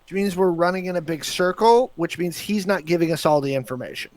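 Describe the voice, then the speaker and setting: A man playing a tabletop game, excitable and bossy with his teammates. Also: high voice, fairly quick, no echo.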